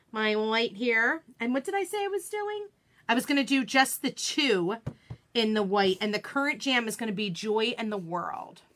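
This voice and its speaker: A woman's voice: fairly high pitch, pushed and bright. A woman hosting a casual live craft tutorial, chatting and greeting viewers by name, joking about her own slip-ups. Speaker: craft demonstration host.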